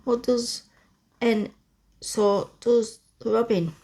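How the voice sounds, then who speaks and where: A woman voicing a gentle, kind country boy, friendly and calm, in a whispered role-play. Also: fairly high pitch, takes it slowly, pitched above the performer's own voice.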